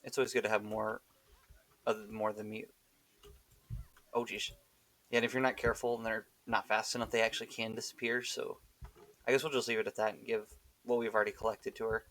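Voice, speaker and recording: Male streamer, lowish voice, casual wry gameplay chatter. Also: level tone, brisk, pauses often, fairly bright tone. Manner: wry, chatty reactions to the game. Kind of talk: casual live gameplay commentary.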